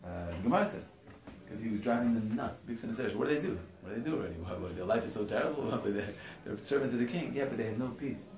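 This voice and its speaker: A man teaching a lively, joking class on a religious text to students, acting out quotes with many restarts. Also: lowish voice, rapid-fire, reverberant, slight background noise. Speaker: Torah teacher. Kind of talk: lively informal class on the Megillah.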